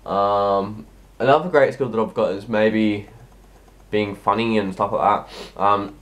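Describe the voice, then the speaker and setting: Casting: teen boy, lowish voice, sick, halting vlog answers full of ums. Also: fairly even intonation. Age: teens. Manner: rambling, hesitant, heavy with ums and restarts. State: sick, coughing. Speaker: YouTuber answering viewer questions. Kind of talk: casual Q&A vlog.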